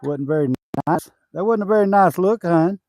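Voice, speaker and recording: A man's voice: sits high, moderate pace, a little mellow, no echo. A man, chatting casually and teasing his wife while talking to his viewers. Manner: teasing, playful, addresses viewers. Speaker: homesteading vlogger. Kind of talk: casual live chat.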